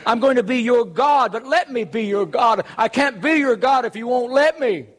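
A man's voice: very high voice, lively intonation, moderate pace. A man preaching a sermon in an earnest, conversational way, full of rhetorical questions.

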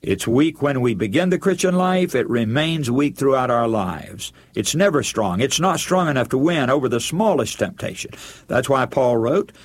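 Husky, lively-voiced male preacher. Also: medium pitch, normal speed. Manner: earnest, addresses listeners as friends. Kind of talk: sermon.

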